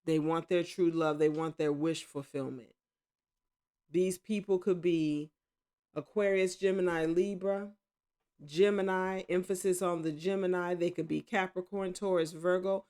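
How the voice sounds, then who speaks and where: A woman giving a casual tarot reading at home, rambling and correcting herself, with excited exclamations. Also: fairly low pitch, unhurried. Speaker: tarot reader.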